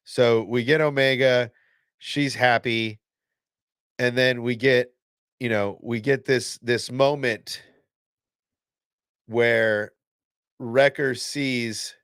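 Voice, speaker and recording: Brief: a mid-pitched male host, excitable and profane, in a dry, close recording. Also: slow, pauses often, no echo. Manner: excitable and blunt, swears, restarts often. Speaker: fan reaction host. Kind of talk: casual reaction commentary.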